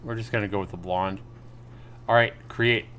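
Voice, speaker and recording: Low-voiced man streaming a game. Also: fairly even intonation, normal speed, a bit bright, a little hiss or hum. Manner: reads game text aloud, casual exclamations. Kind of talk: live gameplay commentary.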